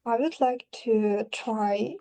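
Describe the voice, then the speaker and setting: A woman who is not a native English speaker, answering test questions over a video call in hesitant, halting English. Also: a little high, mellow, rough recording. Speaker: IELTS candidate.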